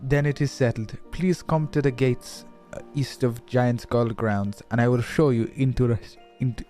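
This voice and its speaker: A man's voice: medium pitch, steady tone, moderate pace, a bit bright, soft background music, lightly acted. A man voicing a formal male envoy of a foreign ruler in a put-on accent, stumbling over the words. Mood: courteous. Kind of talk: reading game dialogue aloud in a put-on accent.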